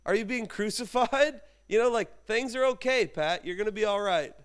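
A blunt, plainspoken old grandmother fires teasing questions back at her grandson, as a man in a sermon speaks for her. The voice sits high and comes out smooth and clear. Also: moderate pace, close to an everyday voice. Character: plainspoken older grandmother, blunt and faith-filled.

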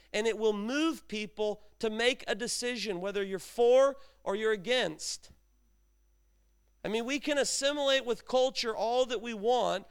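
A middle-aged pastor with a very high, clean-toned voice preaches a sermon conversationally. He acts out bits of dialogue and pushes his voice up for emphasis.

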